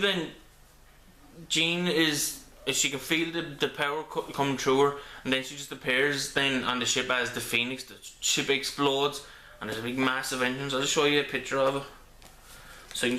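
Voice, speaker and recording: A man's voice: medium pitch, fairly even intonation, moderate pace, bright, forceful tone. A man reviewing a comic book in a casual video, rambling with many ums and restarts. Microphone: camera mic. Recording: echoey room.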